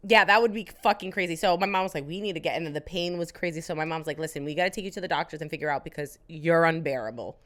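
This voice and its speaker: A young woman co-hosting a podcast in casual chat, animated and swearing freely as she acts out her own reactions. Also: sits low, very fast, few pauses. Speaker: podcast co-host.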